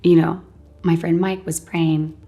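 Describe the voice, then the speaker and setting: A woman casually telling a personal story as an interview guest, animated and quick to laugh, often saying "like" and "um". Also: on the low side, faint music behind. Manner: animated, laughs often, acts out what others said; fills speech with "like" and "um". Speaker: guest sharing a healing testimony.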